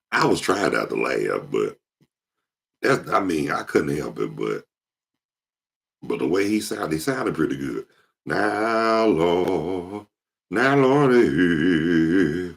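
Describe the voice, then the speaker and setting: A man hosting his show, telling casual stories in an animated way and jumping into impressions. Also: rumbling low, gravelly, breathy edge. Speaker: show host. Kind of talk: casual storytelling monologue.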